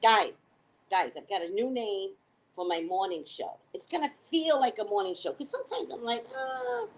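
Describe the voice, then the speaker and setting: A woman's voice: normal speed, rough recording. A woman, a psychic hosting her own live morning show, chatting casually, rambling, swearing freely and joking at her own expense. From United States. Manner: rambling, profane, self-mocking, digressive; animated, swings into high excited tones. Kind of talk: casual live-stream chat.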